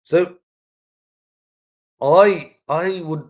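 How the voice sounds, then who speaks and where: A man's voice: fairly high pitch, drawn-out words. A man hosting his own vlog, talking through a life lesson in a casual, rambling, earnest way with frequent restarts. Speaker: vlog host sharing his mother's lessons. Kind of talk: casual reflective monologue.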